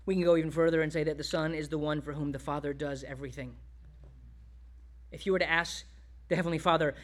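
A male pastor preaching a sermon, exhorting the congregation and dropping to quiet, tender asides. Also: a little high, steady tone, fast, long pauses.

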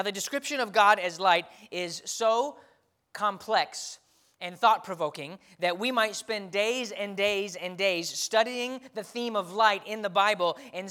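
A man preaching a sermon, reading scripture earnestly and rising for emphasis before dropping to a soft, quiet tone. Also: high voice. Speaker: pastor.

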